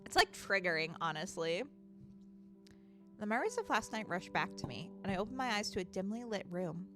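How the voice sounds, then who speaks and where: A woman's voice: mid-range voice, sing-song, fairly quick, music in the background. A woman streaming a game, chatting casually, swearing freely and laughing often. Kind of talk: casual gaming commentary.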